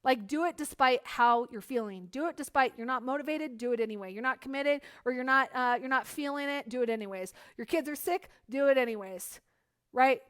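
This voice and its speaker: A woman giving a lively motivational business coaching talk, full of "like" fillers and acted-out examples. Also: high-pitched, brisk, smooth. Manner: energetic, acts out hyped voices, many "like" fillers.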